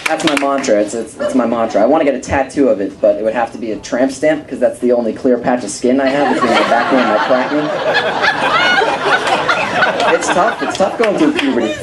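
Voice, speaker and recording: A teenage boy doing a stand-up comedy set in a club, deadpan one-liners with some stammering into a stage mic. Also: mid-range voice, fairly quick. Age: teens. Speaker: stand-up comic. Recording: live club with loud crowd and noise.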